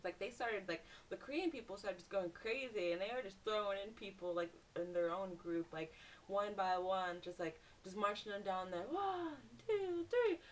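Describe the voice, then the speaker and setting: A young woman vlogger telling a story in a casual, animated way, saying "like" a lot. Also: mid-range voice, normal speed, far from the mic, a little hiss or hum. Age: young adult. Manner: animated, says "like" a lot, acts out screams in quotes.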